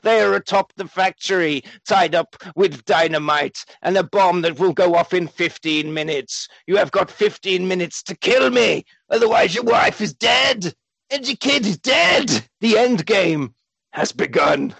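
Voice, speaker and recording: Gloating masked villain, theatrical taunts, played by a man, slightly high. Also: big pitch swings, a little slow, creaky, a bit bright, slightly rough, no room sound, exaggerated voice.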